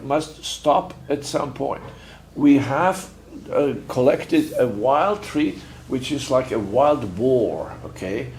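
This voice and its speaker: An older man, a native German speaker, explaining bonsai styling in a halting way, repeating his words. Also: mid-range voice, a little mellow, a little hiss or hum. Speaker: guest bonsai master. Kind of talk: casual explanation. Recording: roomy echo with faint music.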